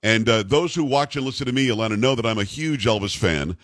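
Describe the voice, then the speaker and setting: Fast-talking male interview host. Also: medium pitch, lively intonation, no room sound. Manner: eager, chatty, frequent restarts. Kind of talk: casual interview.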